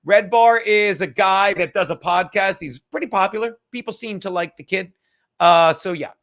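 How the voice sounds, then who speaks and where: A man's voice: high voice, normal speed, fairly bright tone. A tired man hosting a casual live stream from home, rambling and swearing, with joking asides to the chat. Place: home room.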